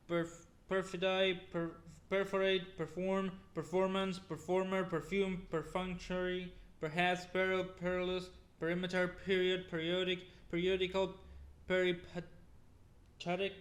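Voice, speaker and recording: Guy reading a huge word list out loud, high voice, super flat, keeps tripping and repeating words. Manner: stumbles and repeats words, restarting often. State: weary from long reading. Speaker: YouTuber.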